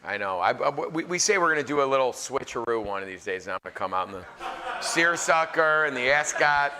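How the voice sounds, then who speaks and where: A man in his forties, a chef, telling funny stories live to a crowd in a casual, animated way. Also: mid-range voice, fairly quick. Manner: animated, joking, filler-heavy. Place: live event venue.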